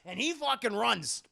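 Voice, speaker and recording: Young streamer, crude animated film recap, high gravelly voice with a bright edge. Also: male voice. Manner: profane, animated storytelling. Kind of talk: casual film recap for a live chat.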